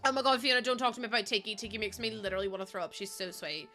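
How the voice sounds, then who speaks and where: Young woman, casual streamer chatter, bright and crisp tone, soft music underneath. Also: medium pitch, very fast. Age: young adult. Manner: chatty and rambling, reacting to chat messages. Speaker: livestreamer. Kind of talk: casual livestream chat while playing a game.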